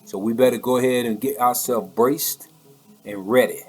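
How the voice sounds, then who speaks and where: A man delivering an impassioned, preachy monologue in loose, colloquial speech, tripping over repeated words as he presses on. His voice sits at an ordinary middle pitch. Soft music plays faintly behind him. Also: fairly even intonation, moderate pace. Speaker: political commentator.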